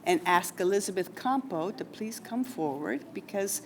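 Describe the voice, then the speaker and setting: A woman's voice: mid-range voice, animated, moderate pace, slight background noise. A woman running a school award ceremony, chatty and informal, reading teacher nominations aloud. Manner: chatty, informal asides with fillers. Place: school hall or classroom.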